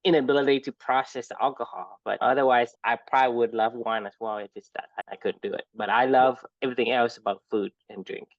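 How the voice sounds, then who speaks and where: A man from Vietnam talks in a halting, reflective way, breaking off and restarting his sentences. His pitch is middling. The recording is dry but a little dull and lo-fi. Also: steady tone, dry recording. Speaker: podcast co-host. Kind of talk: casual chat.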